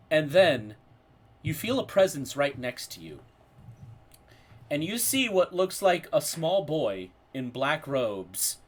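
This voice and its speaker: Male game master, slow and lively storyteller, slightly high voice. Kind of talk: narrating a tabletop game.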